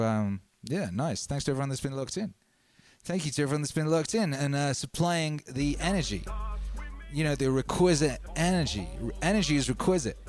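Chill guy rambling on his live stream, shouting out chat, soft music behind. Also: mid-range voice. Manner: laid-back and rambling, reading out chat shout-outs. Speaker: livestream host.

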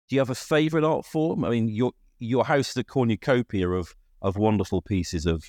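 A man's voice: on the low side, darkish tone, no echo, studio quality. A man hosting a podcast interview, asking encouraging follow-up questions. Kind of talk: conversational interview.

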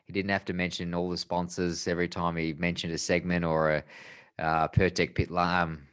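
A man's voice: low voice, flat delivery, fairly quick, fairly bright tone, clear, resonant tone, no echo, clean studio sound. A man co-hosting a motorsport podcast, blunt and matey with loose phrasing. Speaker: podcast co-host. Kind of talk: casual motorsport chat.

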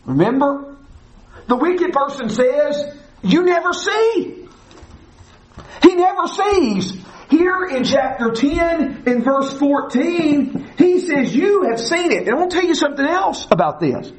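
A man's voice: very high voice, sing-song, unhurried, rough recording. A man teaching verse by verse through a psalm, stressing and repeating key phrases emphatically. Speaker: preacher.

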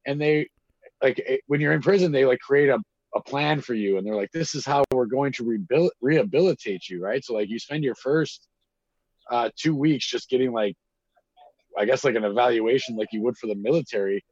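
A man, telling stories in casual chat, animated and acting out quotes with lots of fillers and swearing. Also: medium pitch, fairly quick, no room sound. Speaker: guest telling prison stories. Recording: dull lo-fi dry recording.

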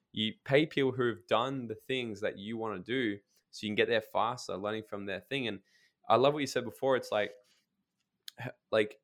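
On a podcast, a man talks as a coach in casual chat, blunt and emphatic, swearing freely and telling stories full of quick asides. His pitch is fairly low and his tone fairly bright.

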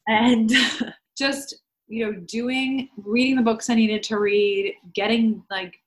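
A woman's voice: a little high, flat delivery, takes it slowly. A young woman, a podcast guest, candidly telling her story in casual speech full of "like" fillers and the odd swear word. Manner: chatty, swears freely, many "like" fillers.

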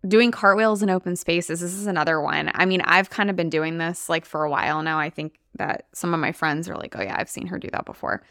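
A woman's voice: on the low side, creaky, a bit bright, no room sound, clean studio sound. A young adult woman hosting her own podcast as a coach, talking casually and upbeat, often laughing. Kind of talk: casual solo podcast talk.

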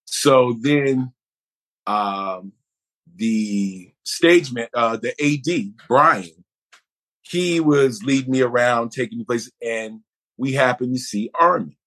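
Male guest actor, middle-aged, from Buffalo; lively anecdotal storyteller who slips into impressions. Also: medium pitch, takes it slowly. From Buffalo, New York. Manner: animated, acts out others' voices in anecdotes. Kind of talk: conversational storytelling.

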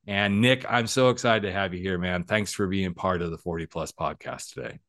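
A man over forty hosts a casual podcast interview with a lowish voice and plenty of upbeat chatter. He talks to his listeners like friends and cheers his guest on. The recording is dry and close, with no room sound. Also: a little fast, fairly bright tone, no echo. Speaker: podcast host and coach.

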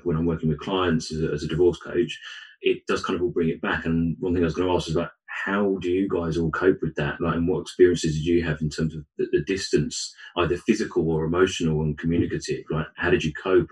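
A male divorce coach talking in a chatty, good-humored way, with many restarts, in a casual conversation. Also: low voice. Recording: voice a bit far from the mic.

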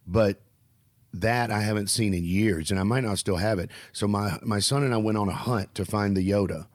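A man's voice: lowish voice, normal speed, dry recording, studio quality. A man with a Southern US accent, hosting a casual chat and telling rambling stories. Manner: rambling, storytelling.

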